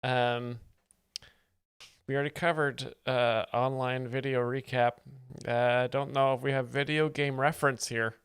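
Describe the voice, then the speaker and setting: A man who hosts a show explaining jokes, giving deadpan mock-expert commentary in a dry, matter-of-fact way. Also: medium pitch, a little slow, clear, resonant tone.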